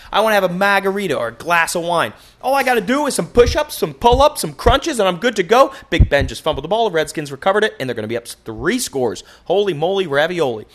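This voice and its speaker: A young man hosting a casual solo podcast, joking and cursing through loose, animated stories. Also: high voice, fast, few pauses. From United States. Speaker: podcast host.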